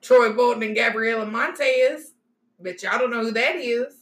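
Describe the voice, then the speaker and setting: A young woman plays along with a trivia game, joking and teasing. Her voice is bright and a little high, ringing in an echoey room over a faint hum. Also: normal speed. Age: young adult. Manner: playful, joking. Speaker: guest. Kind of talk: casual chat.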